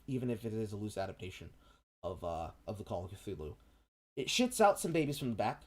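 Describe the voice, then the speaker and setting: A man casually recapping a film plot on a stream, animated and swearing freely. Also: mid-range voice. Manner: animated, profane storytelling. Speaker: stream co-host.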